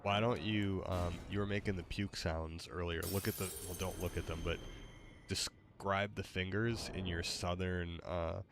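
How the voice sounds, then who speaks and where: A man's voice: low voice, steady tone, normal speed, noisy background. A tired man hosting a late-night gaming stream, rambling with hesitant fillers and yawns. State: tired, yawning. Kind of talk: casual gaming stream chat.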